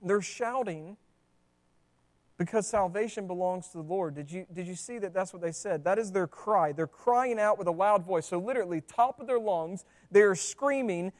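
A man preaching a sermon in a conversational, animated way, with asides to the congregation. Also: high voice, normal speed. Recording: long church hall reverb.

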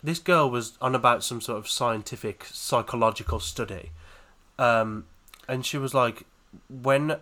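A man's voice: mid-range voice, pushed and bright. A young man co-hosting a podcast, retelling things he saw online in a rambling, casual way with frequent laughs. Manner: chatty storyteller, trailing fillers, bursts of laughter. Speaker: podcast co-host. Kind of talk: casual chat.

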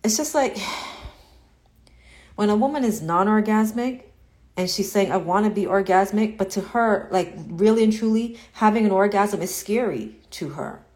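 A woman spiritual coach in a casual live-stream talk, answering viewer comments in an earnest, repetitive way that turns animated when she acts out inner doubts. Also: medium pitch.

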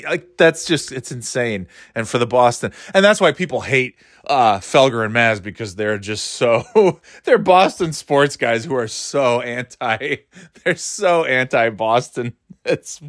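A man in a casual sports talk, swearing freely and rambling, with frequent laughs and lively jumps in pitch. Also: no echo, studio quality. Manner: profane, rambling, animated, laughs often.

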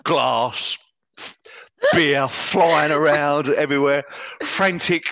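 A man telling casual, animated stories as a Navy veteran guest, laughing mid-story and adding tag questions. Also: fairly high pitch, takes it slowly, no room sound.

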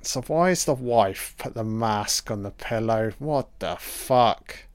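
A man's voice: on the low side, slow, dry recording. A man giving a casual, sweary live commentary over a film as it plays.

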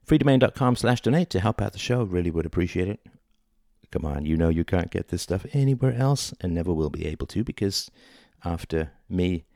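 A middle-aged man with a very low voice talks on his own show in a reflective, conversational way, leaning hard on key words. The recording is dry and close, with no room sound. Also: lively intonation, a little fast, creaky, mellow, no echo. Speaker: podcast host. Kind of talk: solo monologue.

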